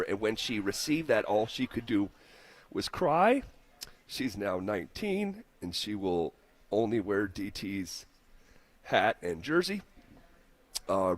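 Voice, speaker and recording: A male sports radio host in a studio, talking casually and reading listener messages aloud in a heartfelt way. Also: lowish voice. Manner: heartfelt, reads listener texts aloud with fillers. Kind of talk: sports talk radio chat. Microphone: studio microphone.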